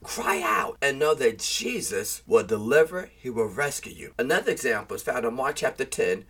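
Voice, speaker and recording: A man's voice: medium pitch, expressive, normal speed, fairly bright tone, breathy edge. A man preaching a sermon, reading scripture aloud and urging listeners in an earnest tone. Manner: earnest preaching that mixes read scripture with plain exhortation.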